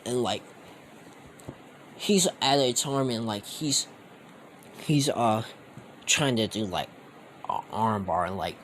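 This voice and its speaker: A man's voice: lowish voice, takes it slowly, pauses often, a bit bright, a little hiss or hum, low-quality recording. A young man casually retelling a fan story, rambling with lots of slang and fillers.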